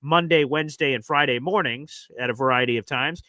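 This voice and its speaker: A man's voice: medium pitch, fairly quick, pushed and bright, no room sound. A man co-hosting a live sports talk stream, upbeat and promotional, with plenty of fillers. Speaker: co-host of a sports talk show. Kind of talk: casual live-stream chat.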